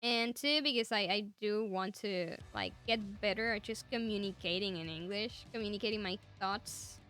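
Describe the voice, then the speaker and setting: Young woman streamer, native Spanish speaker with an accent, crisp and bright tone, eager rambling chat. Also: medium pitch, normal speed. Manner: enthusiastic, rambling. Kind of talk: casual chat with viewers.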